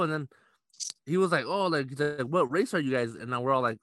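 A man's voice: a little high, quick pace, a bit bright, dry recording, clean studio sound. A young man from Los Angeles hosting a podcast, chatting loosely, laughing and swearing freely. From Los Angeles, USA. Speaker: podcast host. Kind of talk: casual chat.

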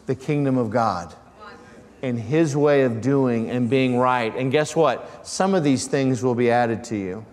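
A man preaching a sermon as pastor, calling out questions to his congregation. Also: medium pitch. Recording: long church reverb.

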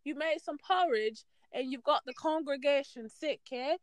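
A woman's voice: on the high side, fairly even intonation, unhurried, clean tone, dry recording, natural voice. A woman voicing a bossy church lady who scolds a congregation member, attempting a wobbly British accent. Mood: scolding.

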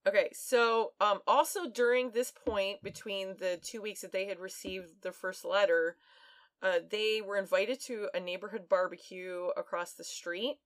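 Steady in tone and speaking at normal speed, this woman has a mid-range voice with no room sound. As a podcast co-host she chattily retells a true-crime story, full of fillers and frequent laughs.

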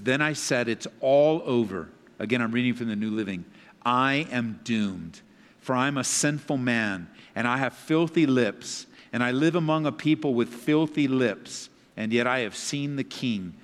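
A man preaching a sermon, swinging between loud emphatic passages and hushed, low scripture reading. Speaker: pastor. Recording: long reverb of a large hall.

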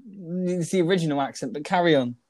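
A man's voice: a little high, a little fast, darkish tone, dry recording. A young man hosting a casual podcast chat, laughing and teasing his co-hosts. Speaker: podcast host.

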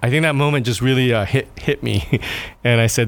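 A man in his thirties, a guest in an interview, talking earnestly and haltingly, with frequent laughs and restarts. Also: mid-range voice, creaky, slight background noise. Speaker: guest, restaurant owner and father. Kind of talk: conversational interview.

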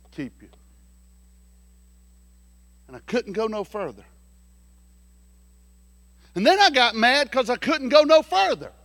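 Preacher, man, very high bright voice, folksy, loud bursts, dry close sound. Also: no echo. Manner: folksy storytelling, swings from hushed to shouting. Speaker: pastor. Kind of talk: sermon.

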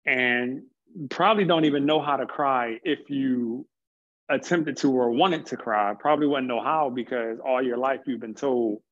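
A man's voice: medium pitch, phone-quality sound. A man speaking earnestly as an interview guest, reflecting at length and sometimes stumbling over his words. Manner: earnest, stumbles on words, builds points slowly. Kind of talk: reflective conversation.

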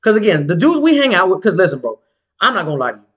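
Guy telling a wild night-out story to his cohost, high voice, swears a lot, does all the voices. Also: rapid-fire. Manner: animated, slangy and profane, acts out quoted voices. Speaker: podcast co-host telling a story. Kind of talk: casual storytelling chat.

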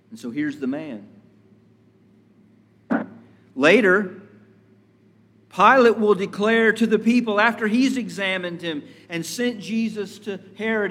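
A pastor delivers his sermon in an unhurried, deliberate cadence, leaning on repetition for weight. His voice sits a little high for a man. It rings out with the long reverb of a church sanctuary. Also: fairly bright tone. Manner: slow, measured preaching with emphatic repetition.

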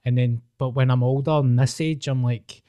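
A man's voice: mid-range voice, fairly even intonation, moderate pace, warm tone, clean tone, no echo. A Scottish man speaking in a casual podcast chat, sympathetic and reflective.

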